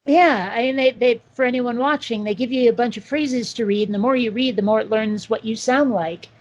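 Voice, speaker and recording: A woman with a fairly high voice chats casually as a co-host. She rambles in an animated way and jumps between asides and restarts. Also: a little fast, muffled recording. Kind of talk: casual chat.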